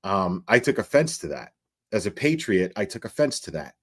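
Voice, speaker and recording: A man hosting a live commentary stream, talking in a halting way with many fillers and restarts as he reads viewer messages. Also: on the low side, big pitch swings, fairly bright tone, slightly rough. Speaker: livestream host.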